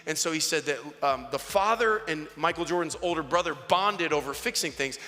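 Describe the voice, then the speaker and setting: A man preaching a youth sermon in a casual, slangy way, moving from quiet asides to emphatic points. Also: fairly high pitch, fairly quick, hardly any pauses. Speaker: youth pastor. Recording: long reverb of a large hall.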